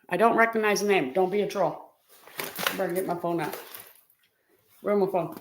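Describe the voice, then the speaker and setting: A woman's voice: mid-range voice, moderate pace, long pauses. A middle-aged woman hosting a casual live stream and talking directly to her viewers in a chatty way. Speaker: live-stream host and reseller.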